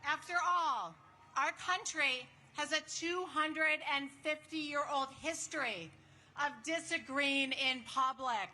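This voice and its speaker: A woman's voice: high voice, slow pace. A woman advocate giving an enthusiastic speech at an outdoor protest rally. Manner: enthusiastic and warm toward the crowd. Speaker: civil liberties advocate.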